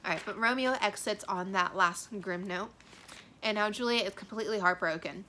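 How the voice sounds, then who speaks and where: Bright-voiced woman teacher explaining casually. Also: mid-range voice, moderate pace. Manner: casual, chatty explaining with many fillers. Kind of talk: literature lesson explaining a play.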